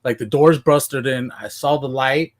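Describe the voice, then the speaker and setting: A man's voice: mid-range voice, unhurried, a little hiss or hum. Podcast guest, male, from Washington State, casual storyteller who acts out his own lines. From Washington State, USA.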